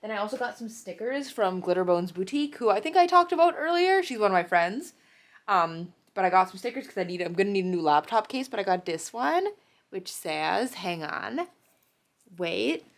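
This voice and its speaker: A chatty young woman talks to her camera in a casual vlog. Her voice sits at a middle pitch, and she fills her talk with easygoing asides and fillers. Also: normal speed. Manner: chatty and excitable, many fillers. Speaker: convention artist vlogger.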